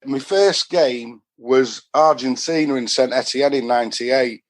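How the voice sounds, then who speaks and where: A middle-aged Yorkshire man from Doncaster, speaking as a podcast guest. He rambles happily through his stories in thick northern dialect, his voice sitting at an ordinary male pitch. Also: a little slow. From Doncaster, Yorkshire, England. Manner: chatty, rambling, dialect-heavy. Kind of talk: casual storytelling.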